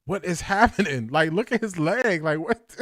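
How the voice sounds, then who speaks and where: A man's voice: high voice, expressive, normal speed, a bit bright, dry recording. Dry, exasperated male fight-reaction streamer. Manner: exasperated, laughing, repeats himself. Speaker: watch party streamer. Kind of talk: live fight reaction commentary.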